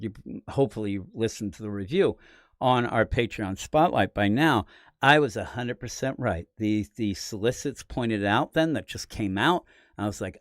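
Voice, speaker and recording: Excitable man chatting about comics. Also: medium pitch, no echo, studio quality. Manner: animated, rambling, laughs often. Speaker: podcast host. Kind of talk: casual comic book chat.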